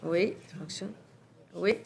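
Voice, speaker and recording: A woman's voice: lowish voice, measured pace, vocal fry, a little mellow, a little hiss or hum. A woman chairing a formal committee hearing in a courteous, formal manner.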